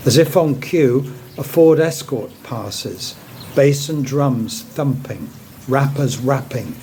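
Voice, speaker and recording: A man giving a slow, measured reading of a literary short story. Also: mid-range voice, darkish tone, a little hiss or hum, low-quality recording. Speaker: narrator.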